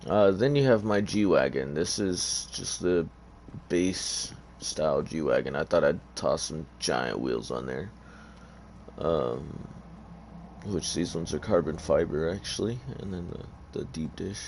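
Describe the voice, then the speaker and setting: A tired man talks through his game in a loose, rambling way, stopping often to hesitate. His voice sits very low and has a gravelly, fried edge. A faint background hum runs under his talk. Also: expressive, slow, darkish tone. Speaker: gamer. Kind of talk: casual gameplay commentary.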